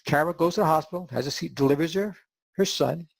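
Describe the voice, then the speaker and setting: A man hosting a podcast and telling a story in an animated way, acting out the quotes. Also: fairly high pitch, fast, vocal fry, dry recording. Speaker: podcast host.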